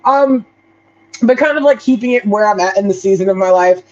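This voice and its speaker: A relaxed woman podcast co-host chatting loosely, her thoughts wandering with plenty of fillers and quick laughs. Her voice sits in a middle range, and the recording is a touch muffled and lo-fi. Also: medium pitch. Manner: laid-back, laughs often, rambling fillers. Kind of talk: casual chat.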